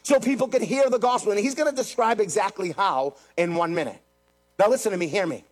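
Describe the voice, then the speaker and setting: A man's voice sits high and moves briskly as he delivers a sermon. The pastor talks straight to the congregation, with strong emphasis and lots of repeated phrases.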